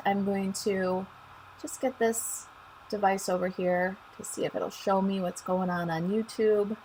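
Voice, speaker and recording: A woman's voice: medium pitch, slight background noise, low-quality recording. A woman with a Chicago accent hosting a live craft demonstration, chatting upbeat with viewers, greeting them by name and laughing often. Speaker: stamping craft demonstrator and show host. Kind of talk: live-stream craft demo chat.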